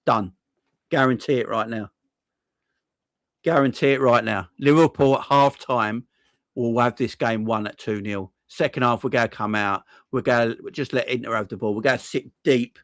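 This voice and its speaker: A man's voice: medium pitch, moderate pace, fairly bright tone, no echo. A man hosting a football fan channel, ranting sarcastically and repeating himself, with frequent swearing.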